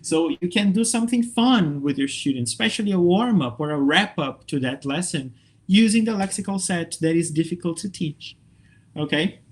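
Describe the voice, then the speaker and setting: A man from Brazil giving an online talk to English teachers, upbeat and lively, checking in often with his listeners. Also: sits high, normal speed. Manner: lively, upbeat, checks in with frequent okay and right.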